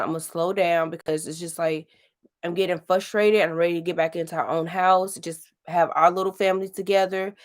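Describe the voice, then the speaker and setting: A woman in her late thirties from St. Louis, chatting casually and rambling on a livestream, laughing often. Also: lowish voice. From St. Louis, Missouri. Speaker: livestream host. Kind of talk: casual live chat.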